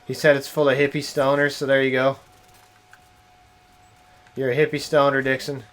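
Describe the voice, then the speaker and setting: A young man, streaming a game and chatting casually, swearing and yelling at the game. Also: medium pitch, completely flat delivery, normal speed, long pauses. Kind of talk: casual live-stream commentary.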